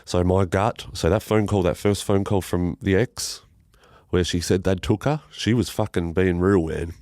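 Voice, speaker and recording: Australian man, low register, emotional podcast guest, halting delivery, frequent swearing, dry mic. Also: steady tone, a little mellow, dry recording. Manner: halting, emotional, swears often, many restarts. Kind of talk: emotional personal storytelling interview.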